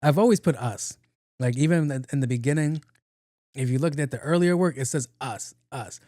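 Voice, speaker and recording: A man's voice: medium pitch, normal speed, mellow, dry recording. A man hosting a solo podcast, telling stories casually in slangy talk full of swearing and acted-out quotes. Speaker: podcast host.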